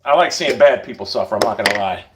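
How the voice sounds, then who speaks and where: A man's voice: lowish voice, animated, fast, noisy background. Blunt, profane middle-aged man rambling. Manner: blunt, profane, rambling, often drops to a mutter. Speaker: vlogger. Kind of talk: casual rambling monologue.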